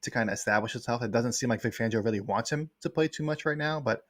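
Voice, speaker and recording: A man, a guest sports writer, talking in a casual livestream chat, quick and rambling with many fillers. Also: medium pitch, no room sound.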